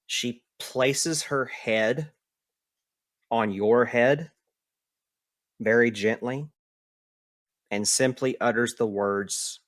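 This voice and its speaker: A man narrating as the game master of a tabletop role-playing game, speaking in a slow, measured way. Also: medium pitch.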